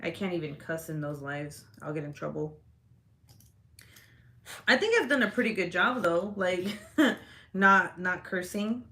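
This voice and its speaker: A woman's voice: lowish voice, animated, unhurried, pauses often, pushed and bright. Giggly woman chatting on a livestream. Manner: giggly, laughs often, swears freely. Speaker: livestream host. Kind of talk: casual live-stream chat.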